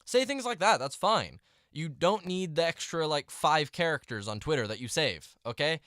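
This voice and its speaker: A man's voice: a little high, expressive, normal speed, pushed and bright, no room sound, clean studio sound. A young man ranting to camera in a vlog, exasperated and rambling, with restarts and mumbled asides. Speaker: vlogger.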